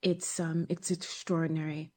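A woman speaking thoughtfully as an interview guest, halting at times as she searches for words. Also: low voice, little pitch movement, dark tone. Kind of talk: reflective interview speech.

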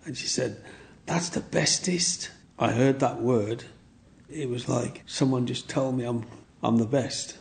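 Gravelly older man reminiscing. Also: mid-range voice, little pitch movement, a little slow, a little mellow, a little hiss or hum. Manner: rambling, repeats himself, "you know what I mean". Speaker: interviewee. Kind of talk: reminiscing storytelling.

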